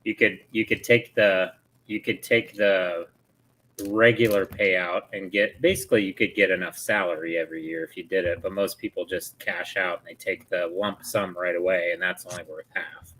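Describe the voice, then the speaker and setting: A man's voice: sits low, fairly even intonation, normal speed, fairly bright tone, slight background noise, rough recording. A man in his forties chatting casually as a co-host, easygoing and prone to rambling explanations. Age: 40s. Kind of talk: casual chat.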